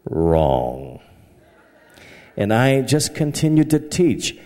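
A man's voice: on the low side, wildly swooping pitch, extremely slow, mellow. A man from the American South preaching with a Southern accent, folksy and humorous, telling anecdotes. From southern United States. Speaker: pastor. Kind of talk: sermon. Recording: long hall reverb.

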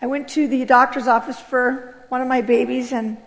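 A middle-aged woman giving an animated spoken testimony in a church, acting out the voices in her story. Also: high voice, normal speed. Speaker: testimony speaker. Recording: long hall reverb.

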